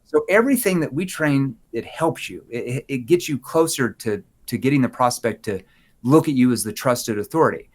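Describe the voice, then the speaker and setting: Animated man demonstrating sales tones. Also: medium pitch, moderate pace. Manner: animated, acts out sample dialogue with shifting tones. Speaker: sales trainer guest. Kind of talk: podcast interview, demonstrating tones.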